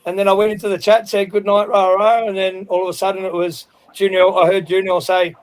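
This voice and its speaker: High-voiced Australian man telling an angry story. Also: level tone, fast, a little mellow, clean tone, poor audio. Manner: heated, profane storytelling with many restarts. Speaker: livestream panel regular. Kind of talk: casual livestream chat.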